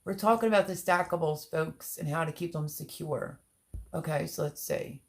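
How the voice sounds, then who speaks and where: A woman with a low voice hosts a live stream at a normal speed. She chats casually, reads viewers' comments aloud and greets them by name.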